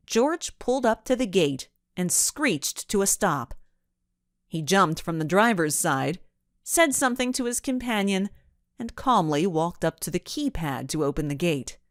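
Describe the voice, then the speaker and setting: A woman narrating a children's storybook in an expressive, measured way. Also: lowish voice, no echo, clean studio sound. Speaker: audiobook narrator.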